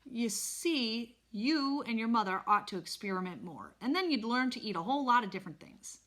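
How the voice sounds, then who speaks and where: A woman's voice: fairly high pitch, animated, moderate pace, a bit bright, voice pushed up. A woman voicing a cheerful, proud father who talks in a hearty, coaxing way. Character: cheerful, proud father cooking for his sons.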